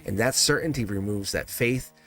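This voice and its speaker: A man's voice: fairly low pitch, normal speed, bright, forceful tone, faint music behind. Chuckling man reading tarot live. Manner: rambling, repeats phrases, chuckles often. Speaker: tarot reader livestream host. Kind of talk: live tarot reading, casual spiritual talk.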